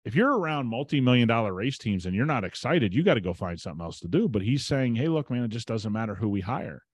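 A man's voice: medium pitch, sing-song, quick pace, husky, no room sound. A man hosting a podcast, telling a story in a casual, emphatic way and retelling conversations as quoted dialogue. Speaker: podcast host.

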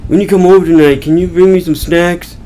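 A man plays a clingy stoned young slacker who drawls his words, pitched well above the man's own voice. A faint hiss runs underneath. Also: fairly even intonation, a little fast, warm tone, natural voice, rough recording.

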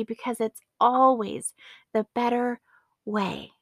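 A woman's voice: a little high, measured pace, fairly bright tone, no room sound, studio quality. A woman in her late thirties hosting a faith podcast, earnest and addressing her listeners as friends. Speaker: podcast host.

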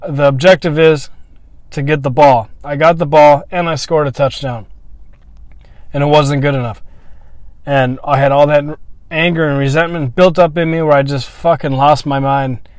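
A man telling a personal story in a candid, reflective monologue, swearing freely and pausing to restart his thoughts. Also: fairly high pitch, steady tone, no echo.

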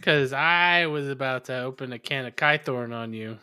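A man's voice: medium pitch, normal speed, bright, forceful tone, clean tone. A man playing a tabletop game in character, teasing and joking with the others. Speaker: player.

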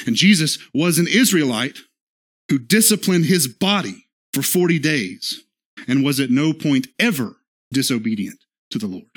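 A man preaching an earnest sermon as pastor, often checking in with his listeners and slowing down to quote scripture. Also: medium pitch, fairly bright tone. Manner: slows for scripture quotes, acts out short dialogue.

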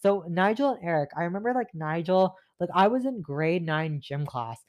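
A man's voice: high-pitched, normal speed, no echo. Young man, vlog storytime, fired-up and ranty, filler-heavy, dry close sound. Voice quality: heavy filler 'like', frequent swearing. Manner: animated, exasperated, laughs mid-rant. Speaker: vlogger telling a story. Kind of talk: casual storytime monologue. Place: at home in front of a mirror.

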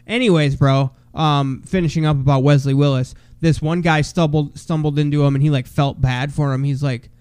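A man's voice: on the high side, steady tone, moderate pace, few pauses, a little mellow, smooth, no room sound. A young man co-hosting a podcast, telling stories in a loose, profane, casual chat full of "bro" and "dude". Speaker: podcast co-host.

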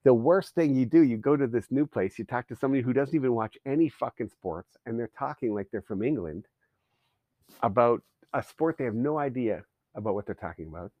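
A man's voice: mid-range voice, no room sound, lo-fi sound. A man from Canada hosting a podcast, ranting with heavy swearing and sarcasm in a rambling monologue.

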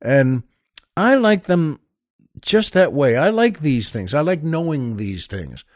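An older man hosting a show, rambling happily through his thoughts with lots of asides. His voice moves up and down a lot and sits a bit high. The sound is dry and close, with no room behind it. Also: big pitch swings, takes it slowly, a little mellow, dry recording. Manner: chatty, enthusiastic, rambling asides. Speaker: show host. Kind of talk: casual monologue to listeners.

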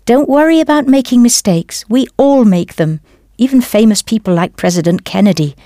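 A woman leading a scripted audio language lesson with clear, encouraging instruction. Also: fairly high pitch, normal speed, mellow, no echo, studio quality. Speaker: language course teacher.

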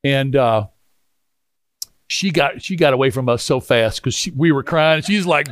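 A middle-aged man preaching a storytelling sermon, animated and rambling with frequent restarts, moving into prayer. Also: medium pitch, unhurried, clear, resonant tone, dry recording, clean studio sound. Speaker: pastor.

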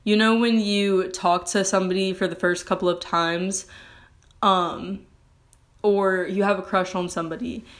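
A woman's voice: fairly low pitch, a bit bright. A young woman with a slight lisp hosting a casual solo podcast, rambling and correcting herself with sarcastic asides. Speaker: podcast host.

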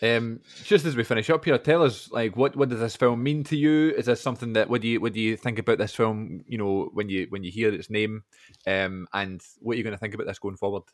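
A Scottish man hosting a podcast, chatting casually about a film in a relaxed way with lots of fillers. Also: fairly low pitch, brisk, no echo, studio quality. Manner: relaxed and conversational, with frequent fillers. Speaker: podcast host. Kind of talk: casual film-discussion chat.

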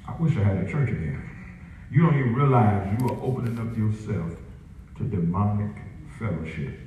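A man preaching a sermon, trading call and response with the pews and laughing between his points. His voice sits at an ordinary pitch but reaches the mic from far off, swimming in a heavy echo. A faint room hum sits underneath. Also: animated, normal speed, dark tone. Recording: echoey room picked up from a distance, faint ambience.

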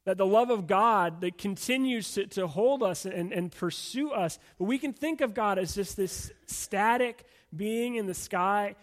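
A man's voice: high-pitched, a little slow, few pauses. A man pastor giving a sermon to a live audience with slides, talking in a loose, conversational way with frequent restarts and "right?" asides.

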